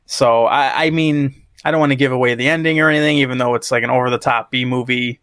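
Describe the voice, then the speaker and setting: A man's voice: medium pitch, steady tone, fast, fairly bright tone, no room sound, clean studio sound. A man casually recapping a movie on a podcast, rambling and profane, laughing at his own story and acting out lines. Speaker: podcast co-host reviewing a movie. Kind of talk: casual chat.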